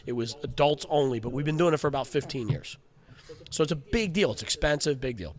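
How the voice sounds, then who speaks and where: A man in his forties hosting a casual podcast chat, telling a personal story in an animated, slangy way. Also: medium pitch, fairly quick. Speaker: podcast host.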